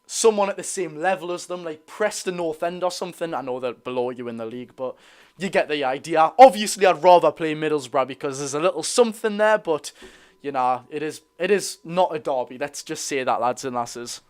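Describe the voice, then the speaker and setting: A man's voice: fairly high pitch, brisk, smooth. Chatty Geordie man hosting a livestream. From North East England. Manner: chatty, reads viewer comments aloud, calls chat lads and lasses. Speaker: football fan livestream host. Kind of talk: casual live watch-along chat.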